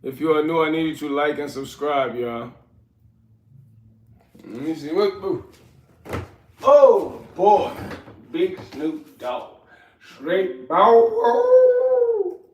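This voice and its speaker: A man's voice: on the high side, animated, takes it slowly, long pauses, echoey room, far from the mic, lo-fi sound, slight background noise. A middle-aged man hosting a casual livestream, rambling and streetwise as he talks to his chat. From New York. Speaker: livestream host.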